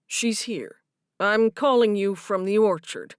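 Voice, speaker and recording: A woman voicing a calm grown man who delivers bad news slowly and steadily in an audiobook. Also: medium pitch, clean tone, dry recording, studio quality, close to an everyday voice. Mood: somber. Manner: slow, steady, subdued. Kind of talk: audiobook character voice.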